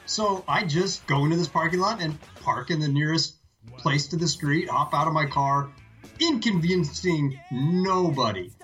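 Man, podcast co-host, casual joking banter, wry asides, bright sharp tone, faint music behind. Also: a little high, normal speed, breathy edge.

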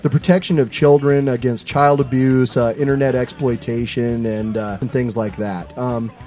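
A man's voice: mid-range voice, fairly even intonation, normal speed, warm tone. A man co-hosting a casual podcast, rambling through plugs with many filler sounds. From Seattle area. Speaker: podcast co-host.

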